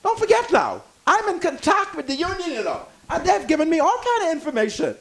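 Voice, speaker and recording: An older Bahamian man speaks in an unusually high voice with plenty of gravelly fry. His pitch jumps around a lot as he tells emphatic, preachy stories on a talk show, and now and then he bursts into a shout. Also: wildly swooping pitch, brisk, poor audio. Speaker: guest. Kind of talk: talk radio discussion.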